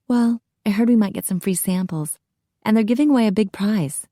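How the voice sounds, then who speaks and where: A woman's voice: mid-range voice, fairly quick, mellow, dry recording, studio quality, pitched above the performer's own voice, natural voice. A woman voicing a friendly, chatty young redheaded college woman in an audiobook. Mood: casual. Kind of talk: audiobook character voice.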